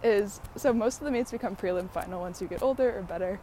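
A female podcast host chats in a casual, rambling way while walking uphill outdoors, slightly out of breath. She talks fast in a mid-range, dark-toned voice, using lots of fillers and laughing often. There's a little hiss or hum in the audio.

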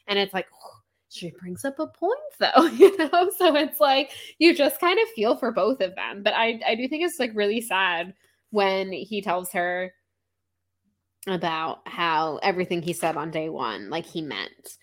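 A woman's voice: mid-range voice, expressive, a little slow. A young adult woman co-hosting a podcast in casual book-club chat, talking in a chatty, giggly way full of "like.". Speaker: podcast co-host.

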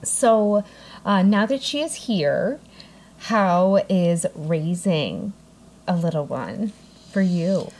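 A woman's voice: fairly low pitch, expressive, slow pace, darkish tone, a little hiss or hum, low-quality recording. Chatty woman telling stories. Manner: chatty storyteller, acts out quotes with whispers and laughs. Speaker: podcast co-host. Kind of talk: casual chat.

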